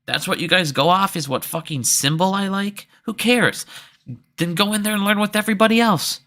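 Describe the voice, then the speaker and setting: A man's voice: sits high, moderate pace, pushed and bright. A young man hosting a stock trading channel, talking in a profane, rambling, heated casual monologue to his viewers.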